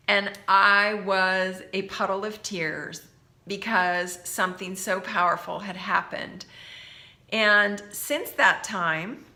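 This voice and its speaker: A woman telling a personal testimony in an earnest, unhurried way, with soft laughs between thoughts. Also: mid-range voice. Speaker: workshop participant sharing a testimony.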